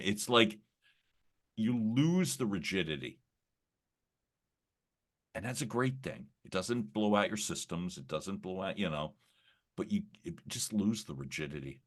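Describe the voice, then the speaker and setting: A man guesting on a podcast, talking in a reflective, rambling way with many fillers and restarts and a slightly gravelly early-morning voice. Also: low voice, moderate pace, a bit bright. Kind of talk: casual conversational interview.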